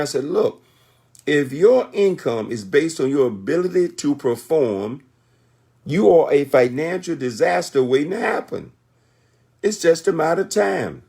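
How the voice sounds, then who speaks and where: A man's voice: mid-range voice, a little mellow. A man in his sixties giving a motivational talk on a conference call, emphatic and repetitive like a sermon. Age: 60s.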